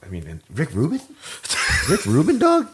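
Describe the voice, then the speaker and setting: A man in his thirties with a slightly high voice talks at a moderate pace on a casual podcast, with a little hiss or hum in the recording. He tells long, swear-filled stories animatedly, acting out other people's words.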